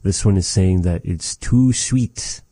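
In a language lesson, a male teacher speaks slowly in a deep, mellow voice, patiently explaining each word and repeating words after recordings. The recording is dry and close, with no sense of room.

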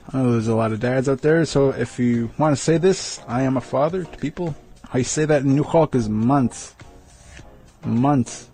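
A man hosting a radio segment, slowly teaching words of the day and repeating each one with care. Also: mid-range voice, a little mellow. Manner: slow, repeats words carefully, chuckles at himself. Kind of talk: casual language lesson on radio.

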